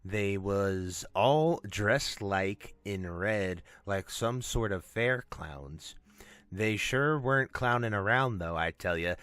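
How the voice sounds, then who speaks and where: A man's voice: fairly low pitch, lively intonation, slow, a bit bright, no echo. A man reading as a drawling harbor fisherman. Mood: chatty. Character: folksy male harbor fisherman, talkative and friendly.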